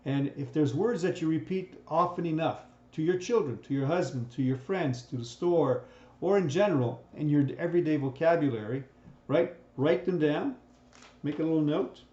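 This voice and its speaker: A man's voice: a little high, moderate pace, warm tone. A man teaching a recorded lesson in a conversational way, often checking in with "right?" and restarting his sentences. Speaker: instructor. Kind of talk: recorded lecture on communication. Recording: roomy, dull sound.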